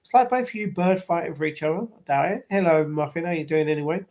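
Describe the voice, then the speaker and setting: A man's voice: on the high side, fast talker, darkish tone. A man livestreaming from home, chatting casually and answering viewers' chat messages aloud, sometimes a bit defensive. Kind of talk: casual live-stream chat.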